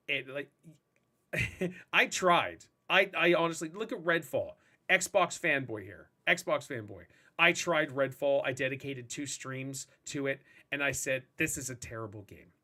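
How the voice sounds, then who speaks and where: A man hosting a casual gaming podcast, ranting in a rambling, animated way. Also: fairly high pitch, slow pace. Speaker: podcast host and streamer.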